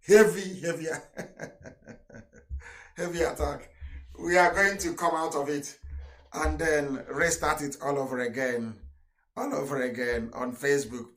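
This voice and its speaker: A man's voice: a little high, a bit bright, far from the mic. Emphatic man broadcasting live, off-mic. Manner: emphatic, repeats phrases, chuckling asides. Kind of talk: impassioned live broadcast address. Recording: roomy sound, voice off the mic.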